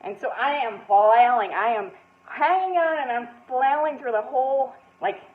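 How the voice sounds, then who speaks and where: A woman telling a personal story in an animated way, often breaking into laughter. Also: high voice, moderate pace. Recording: tinny phone-like sound in an echoey room.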